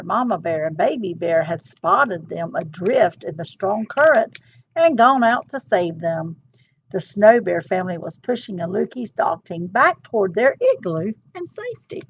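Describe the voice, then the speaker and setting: A woman's voice: medium pitch, creaky, slightly rough. A woman hosting a storytime, reading a children's book aloud with expression. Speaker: storytime host. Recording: dull lo-fi sound.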